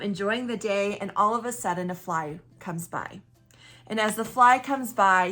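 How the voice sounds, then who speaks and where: A woman pastor with a bright, clear tone speaks in a warm conversational sermon style. She asks her listeners direct questions and retells a story with lively energy. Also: medium pitch.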